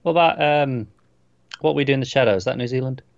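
A man co-hosting a casual movie review podcast, relaxed and easily agreeable, with dry asides. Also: mid-range voice, fast, creaky, no room sound. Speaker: podcast co-host. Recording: dull, dry, lo-fi mic.

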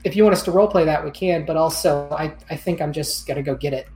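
A young woman playing a tabletop game in casual chat, excitable, swearing freely and stammering when upset. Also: low voice, quick pace, roomy sound, poor audio.

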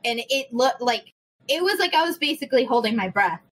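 A young woman telling a story in casual chat, animated, swearing freely and acting out the people in it. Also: on the high side, fairly quick, rough recording. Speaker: podcast host.

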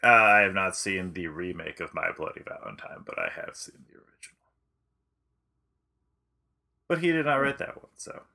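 A man on a casual movie podcast, talking with slangy enthusiasm. His voice is low but bright and forceful. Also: sing-song, a little fast, vocal fry. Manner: enthusiastic, slangy, emphatic agreement. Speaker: podcast co-host. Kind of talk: casual movie-review chat.

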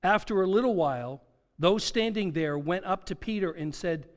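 A high-pitched male preacher speaks at a moderate pace, delivering a dramatic sermon full of rhetorical questions and acted-out quoted dialogue. The recording, made in a church sanctuary, carries long hall reverb.

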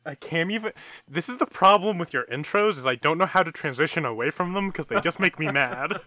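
Young dude cohosting a podcast, dry teasing humor, bright voice. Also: male voice, fairly high pitch, lively intonation, fairly quick, no room sound. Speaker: podcast co-host. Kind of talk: casual comedic chat.

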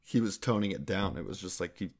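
A man's voice: deep voice, expressive, fast talker, vocal fry. A man chatting casually about a movie, laid-back, swearing offhandedly and hedging with fillers.

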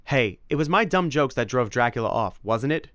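A man voicing an excitable, wisecracking boy hero in an audiobook. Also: mid-range voice, moderate pace, clear, resonant tone, no echo, clean studio sound, pitched above the performer's own voice, lightly acted. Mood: joking. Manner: eager, joking, sarcastic. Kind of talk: audiobook character voice.

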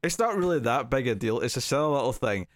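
A man co-hosting a podcast, chatting casually about a film and often pausing to restart his sentences. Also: medium pitch, animated, dry recording, clean studio sound. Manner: rambling, hesitant, with frequent fillers and restarts. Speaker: podcast co-host. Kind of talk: casual film review chat.

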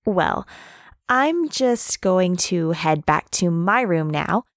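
A woman's voice: lowish voice, animated, slow pace, no echo, clean studio sound. An actress playing a young woman neighbor who talks in an easygoing, friendly, casual way. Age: young adult. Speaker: dorm neighbor.

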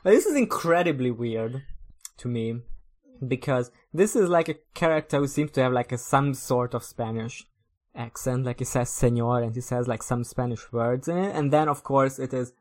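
A young man co-hosting a podcast, musing aloud in casual chat with halting restarts and easy laughter. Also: medium pitch, expressive, darkish tone. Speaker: podcast co-host.

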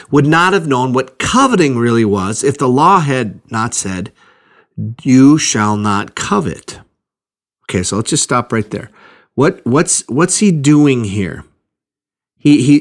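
A man's voice: mid-range voice, a bit bright. A middle-aged man preaching a sermon, teaching through a Bible passage in a conversational way with frequent check-ins. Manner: conversational, with restarts and check-ins like "okay?" and "right?". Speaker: pastor.

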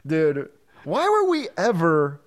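Podcast co-host, man in his forties, animated pitch that rises above most men's, laughs easily. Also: slow. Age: 40s. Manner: joking, laughs often. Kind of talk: casual comic chat.

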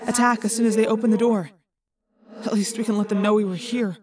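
A woman's voice: mid-range voice, steady tone, brisk, far from the mic, crowd noise, close to an everyday voice. A woman doing a defiant teenage boy.

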